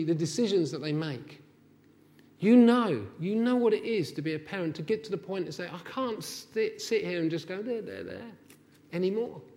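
A man preaching a sermon, impassioned and building to forceful, near-shouted peaks. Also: fairly high pitch, big-room sound. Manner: impassioned, rising to near-shouts when voicing God's anger.

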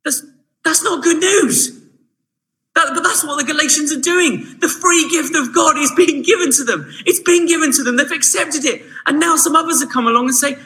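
A man preaching a sermon, animated and shifting from hushed asides to emphatic points. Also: very high-pitched, moderate pace, rough recording.

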